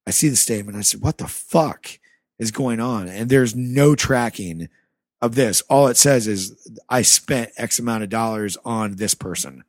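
On a podcast, a Rust Belt man casually tells an animated tale from his past, peppering it with profanity and voicing the dialogue. His lowish voice moves at a normal speed, recorded cleanly in a studio with no echo.

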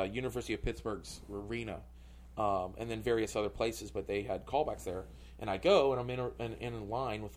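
Rambling man telling a story. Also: mid-range voice. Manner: rambling, full of filler words. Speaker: comedian guest. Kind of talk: casual podcast storytelling.

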